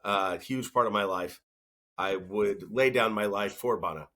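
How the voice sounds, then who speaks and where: Bright-toned dad joking with his co-hosts. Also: on the low side, measured pace. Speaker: podcast co-host. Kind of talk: casual chat.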